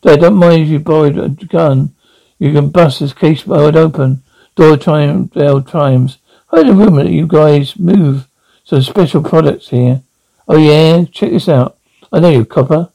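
A gravelly, brash cartoon cop. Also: male voice, fairly high pitch, mellow, low-quality recording. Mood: bantering. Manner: crude, rapid comic banter. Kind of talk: animated adult cartoon dialogue.

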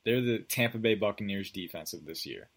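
Man, sports podcast host, lowish voice, casual rambling chat, lots of uhs. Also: expressive, fairly quick. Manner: loose, filler-heavy, laughs along.

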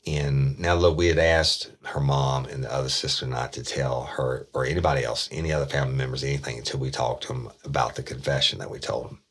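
A former detective telling a story in a casual, blunt way, acting out the dialogue. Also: male voice, very deep voice, fast talker, few pauses, breathy edge. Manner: lively retelling that acts out the dialogue.

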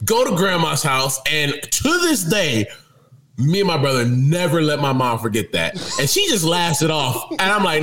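Animated man telling a story, lively pitch. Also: normal speed, crowd noise, rough recording. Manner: animated, laughing, indignant protests. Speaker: storyteller guest. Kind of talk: casual storytelling chat.

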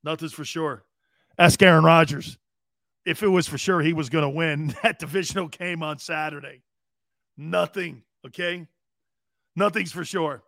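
Forceful, animated man in his fifties. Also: a little high, normal speed, creaky, long pauses, dry recording, studio quality. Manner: animated storyteller, chuckles often. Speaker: show host. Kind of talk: casual livestream talk.

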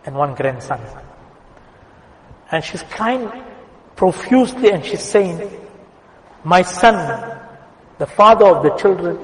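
A man giving a Friday sermon in a mosque, telling stories earnestly and slowing down, dropping to a softer voice for quoted words. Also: on the high side. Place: mosque prayer hall. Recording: echoey hall with long reverb.

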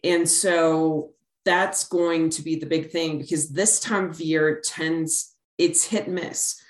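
A middle-aged woman with a low voice co-hosts a casual sports podcast. She rambles easily, with plenty of ums and restarts. Her voice carries a roomy echo. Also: fairly even intonation, slow pace. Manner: chatty, rambling with fillers. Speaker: podcast co-host.

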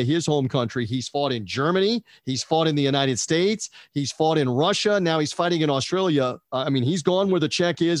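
A chatty man with a slightly raised pitch, rambling from point to point in a casual sports talk show. His voice sits close and dry, with no room sound around it. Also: no room sound. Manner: chatty, digressive, asks co-host questions. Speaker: podcast co-host. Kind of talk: casual boxing chat.

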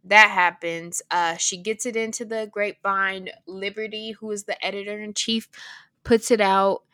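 A woman's voice: mid-range voice, fairly even intonation, normal speed, bright, forceful tone. A young adult woman co-hosting a podcast, recapping an episode in casual chat with a sarcastic, giggly manner. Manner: sarcastic, giggly, talks over her co-host. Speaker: podcast co-host.

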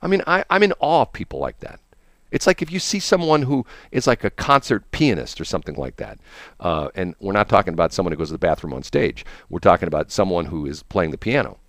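A man's voice: sits low, animated, fast, dry recording. A man in casual radio chat, telling rambling, enthusiastic stories with many restarts. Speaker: radio host.

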